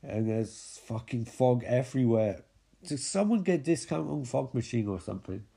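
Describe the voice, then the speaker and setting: A man's voice: mid-range voice, lively intonation, moderate pace, gravelly, mellow, husky. A man giving a mocking, profane recap of a zombie film with lots of exclamations. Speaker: film commentator.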